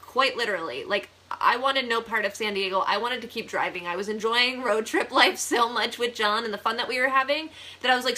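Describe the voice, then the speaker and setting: Young woman from the Buffalo area, casual vlog storytelling, bright tone, slightly high voice, chatty, laughs often. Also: a little fast, hardly any pauses. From Buffalo, New York area. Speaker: vlogger, real estate agent.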